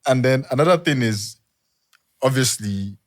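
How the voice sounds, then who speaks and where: A man's voice: mid-range voice, expressive, a little slow. A Nigerian man with a Nigerian English accent, a podcast host in casual chat who repeats phrases to press his point.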